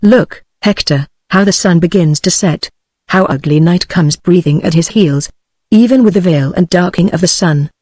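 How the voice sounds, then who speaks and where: A text-to-speech British woman voicing a ruthless, proud male Greek warrior in an even, unacted tone. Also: on the low side, normal speed, no room sound, clean studio sound, lightly acted. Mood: triumphant. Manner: flat synthetic delivery.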